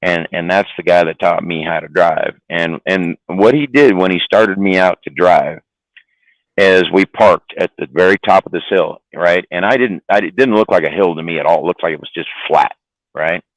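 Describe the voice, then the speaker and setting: A man's voice: low voice, moderate pace, dry recording, low-quality recording. A man, a trucker, telling a rambling, profane story in casual chat, often repeating words. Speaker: trucker guest. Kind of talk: casual storytelling on a live stream.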